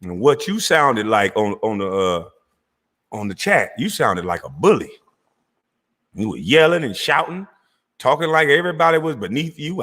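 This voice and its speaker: Lively, bright-voiced man ranting. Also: fairly high pitch, normal speed. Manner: profane, confrontational and mocking, with bursts of laughter and shouting. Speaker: channel host. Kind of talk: angry rant to camera. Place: Georgia, USA.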